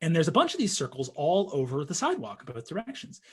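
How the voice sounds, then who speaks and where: A young man telling a story in casual conversation, animated and full of fillers, acting out what people said. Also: a little high, quick pace, husky. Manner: animated storytelling, acts out quotes, frequent fillers.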